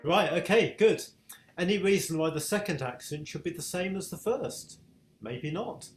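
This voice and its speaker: A British man teaching piano in a patient, encouraging way, his voice sitting a little high. He comes through an echoey room on a video call, with piano sounds around his words. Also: expressive, normal speed. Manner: encouraging, patient, asks questions. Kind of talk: online piano masterclass.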